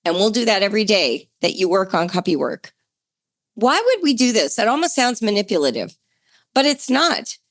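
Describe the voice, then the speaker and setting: A woman's voice: big pitch swings, moderate pace. Chatty, enthusiastic woman podcast host. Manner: enthusiastic, chatty, jumps to a bright higher pitch for emphasis. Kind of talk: podcast talk on homeschooling.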